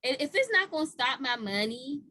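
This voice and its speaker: A woman hosting a podcast, a parent talking in a blunt, profane, animated way in casual chat. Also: high voice, fairly quick. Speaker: podcast host.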